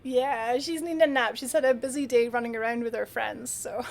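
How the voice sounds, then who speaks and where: A chatty woman with a high, light voice, streaming a game live. She talks casually to her viewers, laughs easily, and coos affectionately at her dog between moments of play. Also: fairly even intonation, a little fast, creaky, hardly any pauses, faint music behind.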